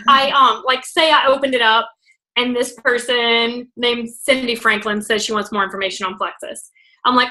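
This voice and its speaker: A young woman leader giving a casual, bubbly training talk, full of "like" and fillers, loud and outgoing. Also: fairly high pitch, moderate pace, rough recording. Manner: self-described loud and out there. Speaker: network marketing team leader.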